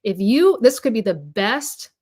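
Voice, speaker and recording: A woman's voice: on the high side, very animated, unhurried, a little mellow. A middle-aged woman talks straight to her livestream audience as a divorce coach. She is blunt and emphatic, swearing freely, and pushes her points hard.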